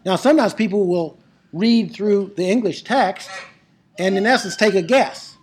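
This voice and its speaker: A Bible teacher giving an emphatic classroom lecture on biblical Greek, asking rhetorical questions and slowing down to stress key words. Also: mid-range voice, darkish tone, slight background noise.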